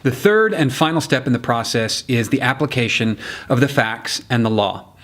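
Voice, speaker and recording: Male trial-skills coach, mid-pitched voice, laid-back teaching tone with deliberate courtroom emphasis. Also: animated, a bit bright. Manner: casual, blunt asides. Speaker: legal communication coach. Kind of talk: instructional explainer.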